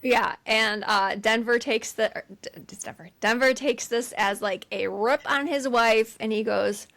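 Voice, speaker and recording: Woman podcast co-host, slightly higher voice, chatty scene-by-scene storyteller. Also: measured pace. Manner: animated retelling with quoted lines, frequent fillers and laughs. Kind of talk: casual movie recap chat.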